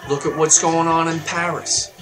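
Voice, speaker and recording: A man hosting his own show, delivering a heated political rant that swings up into loud, high outbursts. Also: little pitch movement, moderate pace, over music. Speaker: show host. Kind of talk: ranting political monologue.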